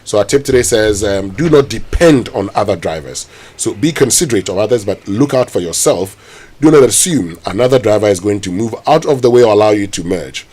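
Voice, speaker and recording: A man's voice: lowish voice, darkish tone. A man with a Ghanaian accent hosting a morning radio show, chatting and reading headlines in a conversational way. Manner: conversational, reads headlines aloud. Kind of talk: casual radio talk and newspaper review.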